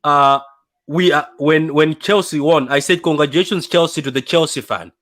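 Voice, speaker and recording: A young man hosting a fan livestream after a painful defeat, talking in a dejected, halting way with many repeats and restarts. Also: a little high, fairly bright tone. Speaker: fan channel livestream host. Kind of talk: emotional post-match fan livestream.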